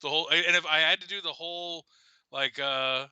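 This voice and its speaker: A chatty man in his thirties co-hosts a relaxed stream, rambling and laughing through his stories. His voice sits a little high and sounds very bright and sharp. The recording is close and dry. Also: fairly quick, smooth, no room sound, lo-fi sound. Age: 30s. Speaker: podcast co-host. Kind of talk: casual chat.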